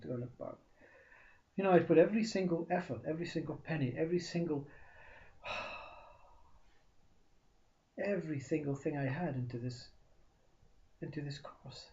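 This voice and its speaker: A man telling a story as a spiritual teacher, acting out the dialogue with sudden shifts from loud to whispered. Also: mid-range voice, lively intonation, measured pace, long pauses. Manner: acts out both sides of a dialogue, shifting loudness, drops to whispers. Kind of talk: storytelling talk. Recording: dull lo-fi recording.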